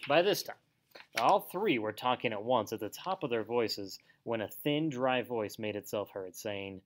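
A man teaching a children's lesson, reading aloud with a lively voice that swings widely in pitch. Expressive and animated, like a classroom read-aloud. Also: normal speed.

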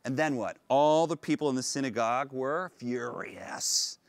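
A male pastor preaching a sermon on location, retelling a story in an animated, conversational way. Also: mid-range voice, moderate pace, creaky, no room sound. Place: on location at an ancient synagogue.

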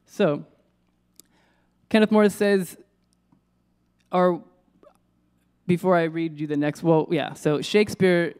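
A man's voice: fairly high pitch, steady tone, slow, pauses often, darkish tone, clean tone. A man giving an informal lecture on poetry, musing aloud with restarts and questions to his audience in a lecture room. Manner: casual, musing, many restarts and asides to the audience.

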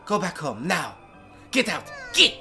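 A man's voice: a little high, big pitch swings, measured pace, bright, forceful tone, faint music behind, full character voice. A man voicing a stern adult woman scientist in a game who brusquely orders a child away.

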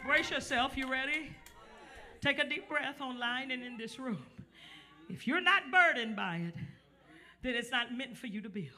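A male pastor preaching a sermon to a live church congregation, building up to shouts and teasing the crowd into responding. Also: extremely high pitch, expressive, moderate pace, noisy background.

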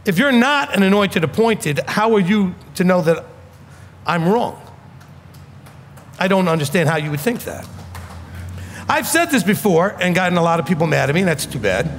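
A rabbi with a New York accent delivers a blunt, emphatic sermon. His voice sits high and swings widely up and down as he presses his points. It rings with the long reverb of a hall. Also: lively intonation, moderate pace, pauses often, a little hiss or hum.

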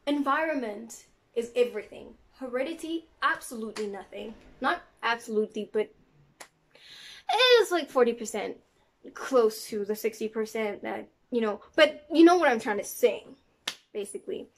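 A young woman from South Africa talking casually to camera in a sassy, animated way. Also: normal speed, slight background noise. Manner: sassy and animated, talks with big pitch jumps. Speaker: vlogger. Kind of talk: casual vlog talk to camera.

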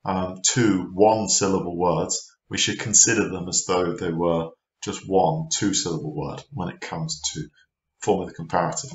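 A man teaching an online English grammar lesson, slow and patient, often asking the viewer questions. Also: low-pitched, reverberant, muffled recording.

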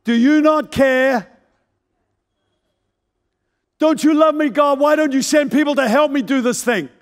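A man voicing a frantic, resentful woman hostess, shouting in a shrill, panicky way. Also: moderate pace, big-room sound.

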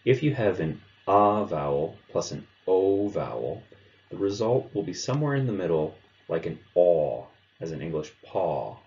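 A man with a very low, deep voice explains pronunciation step by step in a clear, measured way. The recording sounds a little dull and lo-fi. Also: lively intonation, a little mellow. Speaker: language teacher. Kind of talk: instructional narration.

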